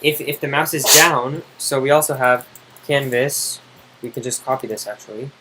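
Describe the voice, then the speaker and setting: Dude helping a buddy code, impatient, teasing, mid-pitched voice. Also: male voice, moderate pace, pushed and bright, a little hiss or hum, rough recording. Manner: impatient, teasing, exasperated explaining. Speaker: coding tutor. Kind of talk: casual screen-side coding help.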